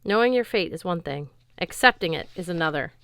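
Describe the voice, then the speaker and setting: Woman doing a calm gentle god dad, formal and solemn, smooth dry voice. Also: on the low side, a little fast, dry recording.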